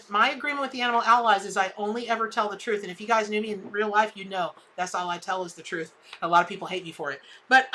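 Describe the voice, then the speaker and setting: Middle-aged woman, live tarot reader; bright, chatty voice that jumps high when she gets excited. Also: rough recording. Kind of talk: live-stream tarot reading.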